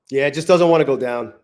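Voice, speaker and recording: A man streaming his futures trades live from his garage, thinking aloud and swearing often, swinging from flat muttering to loud gloating. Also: mid-range voice, creaky. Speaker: trading livestreamer. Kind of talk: live trading stream commentary. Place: home garage.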